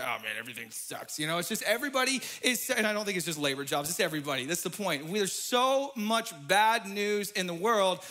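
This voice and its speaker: High, bright-voiced animated pastor. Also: male voice. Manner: animated, swings from soft asides to loud exclamations. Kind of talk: energetic sermon. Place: church.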